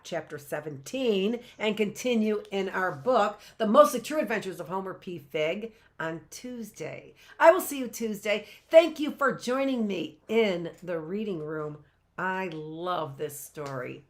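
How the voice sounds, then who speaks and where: Woman reading a story aloud. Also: medium pitch. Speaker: host reading a book aloud.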